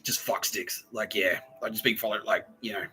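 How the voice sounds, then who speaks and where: A man's voice: lowish voice, steady tone, normal speed, sharp tone, soft background music, poor audio. A man hosting a podcast, talking in a rambling, profane solo monologue and acting out quotes in voices. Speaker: podcast host.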